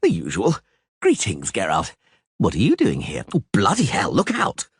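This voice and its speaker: A man voicing a vain, flamboyant young bard who talks excitably and dramatically in an audiobook. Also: on the low side, moderate pace, husky, dry recording, studio quality, heavily acted. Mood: excitable flamboyant. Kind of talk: audiobook character voice.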